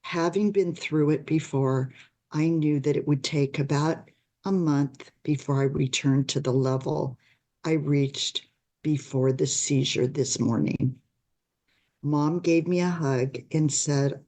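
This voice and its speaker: Woman, gravelly voice, slow and gentle, heartfelt personal story. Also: low voice. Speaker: stroke survivor telling her story. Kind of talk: reading a personal story aloud.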